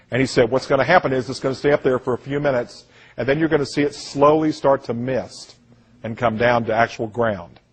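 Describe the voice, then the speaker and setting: A man's voice: mid-range voice, slightly rough. A man delivering an earnest, impassioned monologue, telling stories and quoting other people along the way. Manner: earnest, repeats "listen to me", quotes others in voices. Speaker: speaker giving a presentation.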